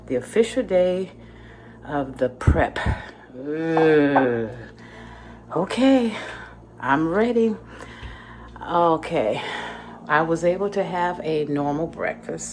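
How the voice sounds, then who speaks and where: A woman's voice: sits low, a little mellow, slight background noise. A woman vlogging from her home kitchen, chatting casually to her viewers as she prepares food. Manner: chatty, talks to viewers while cooking.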